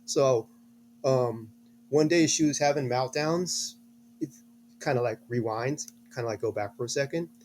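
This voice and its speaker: A middle-aged man with a slightly hoarse voice, a guest telling a story earnestly in an interview, restarting his phrases as he goes. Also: mid-range voice, unhurried, a little mellow, slight background noise. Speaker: guest, a father.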